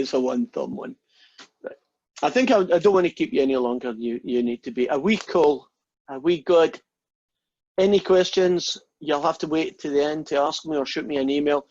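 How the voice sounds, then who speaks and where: A male lecturer with a fairly high-pitched, darkish, husky voice chats informally with students on a video call. Between explanations and Q&A he rambles and jokes, all in dull, low-fidelity audio.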